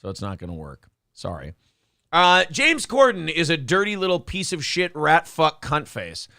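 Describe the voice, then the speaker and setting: Male show host, gravelly and bright-toned, lively crude banter, dry close sound. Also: a little high, moderate pace, no echo. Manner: crude, joking, eats on air. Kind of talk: casual live-stream chat.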